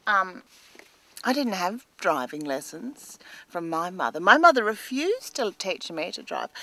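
A woman's voice: a little high, a bit bright, dry recording. An Australian woman in a car, talking in an anxious, exasperated, self-mocking comic monologue. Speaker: columnist.

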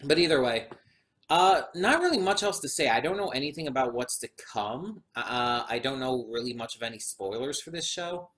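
A man's voice: medium pitch, expressive, moderate pace, a bit bright. A man hosting a reaction video who talks casually and thinks aloud in a chatty, meandering way. He sounds a bit drowsy and keeps yawning. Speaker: anime reaction host. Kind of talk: casual spoken commentary for a video audience.

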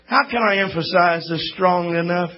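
A man preaching a sermon, folksy at first and building to impassioned shouting. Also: high voice, moderate pace, lo-fi sound.

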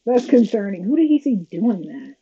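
A woman's voice: medium pitch, big pitch swings, normal speed, warm tone. Sarcastic woman reacting to a show. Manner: sarcastic, exasperated running commentary. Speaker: reaction video host. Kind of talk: casual watch-along commentary. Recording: slightly dull lo-fi audio with faint noise.

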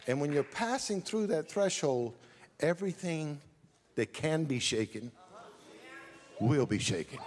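Animated preacher, tells stories and shouts. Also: male voice, a little high, big-room sound. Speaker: pastor. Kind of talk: sermon.

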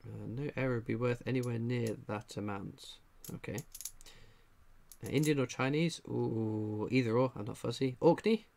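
A man hosting a casual livestream, reading viewer comments aloud with dry, understated humour and frequent pauses of "uh" as he scans the chat. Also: mid-range voice, creaky, darkish tone. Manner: frequent filler "uh" while scanning chat. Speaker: livestream host.

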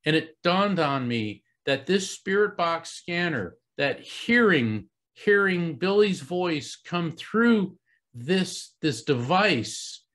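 A middle-aged man from Central Florida tells a personal story to a live audience, his voice sitting a little high for a man. He speaks earnestly and conversationally, with frequent "um"s and restarts. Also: lively intonation, takes it slowly, fairly bright tone. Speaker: psychic medium giving a talk.

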